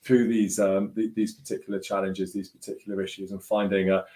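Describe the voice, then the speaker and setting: A man's voice: sits low, level tone, a little fast, dark tone. A man hosting a casual video-call conversation, rambling and restarting his sentences.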